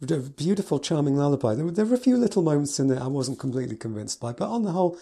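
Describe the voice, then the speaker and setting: Male piano teacher, casual review from notes, mellow voice, enthusiastic. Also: fairly high pitch, big pitch swings, racing, husky. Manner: enthusiastic, gushing with adjectives.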